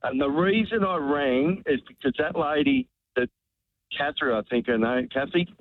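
Calling in to talkback radio, this Australian man shares a heartfelt story, rambling emotionally and repeating words. His voice is a little high with a moderate pace, carried over a tinny telephone line with no room sound.

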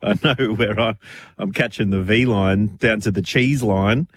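A man, co-hosting a casual radio chat, laughing through quick comic asides. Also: fairly low pitch, husky, dry recording. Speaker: radio co-host. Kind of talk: casual banter on a radio show.

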